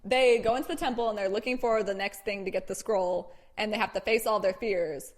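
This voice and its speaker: A young woman recapping a cartoon to a friend in casual chat, excitable and giggly, swearing casually. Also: medium pitch, brisk. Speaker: storyteller to a friend.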